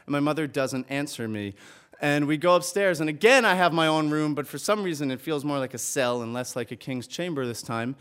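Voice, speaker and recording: A man with a fairly high voice tells a personal story on stage. He speaks earnestly and with animation, and the audience laughs along. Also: normal speed, a bit bright, smooth. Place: stage before a live audience.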